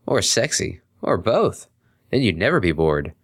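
A man's voice: low voice, very animated, unhurried, exaggerated voice. A man voicing a moody young female unicorn DJ, blunt and sarcastic, in a fan fiction reading.

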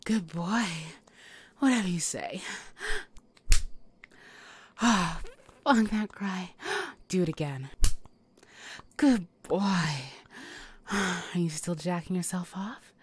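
A woman in a whispered role-play, teasing and giving commands between breathy whispers and sighs. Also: lowish voice, darkish tone. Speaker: audio role-play performer.

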